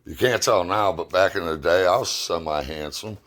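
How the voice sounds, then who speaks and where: Middle-aged man, low voice, rambling, profane, storytelling at home. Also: moderate pace, a bit bright. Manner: rambling, profane, plain-spoken. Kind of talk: casual personal storytelling.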